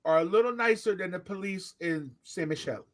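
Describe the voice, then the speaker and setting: A man's voice: high-pitched, fairly quick. A man on a podcast in casual chat, joking bluntly and swearing often. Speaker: podcast co-host.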